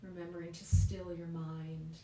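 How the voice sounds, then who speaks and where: A woman leading a yoga class in a calm, encouraging way, often checking in with "right?". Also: fairly low pitch, measured pace, slight background noise. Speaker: yoga instructor. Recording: roomy echo, mic at a distance.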